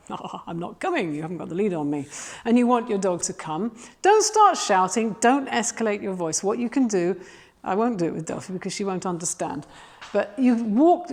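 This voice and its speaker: Her voice on the high side with a long reverb tail, a woman dog trainer offers matter-of-fact, practical instruction outdoors for an instructional video. Whenever she praises the dog, she becomes bright and gushing.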